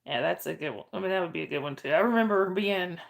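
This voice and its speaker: Gravelly-voiced woman chatting live. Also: on the low side, fast. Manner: chatty, greets viewers by name, answers chat questions. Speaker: livestream host chatting with viewers. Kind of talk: casual live chat.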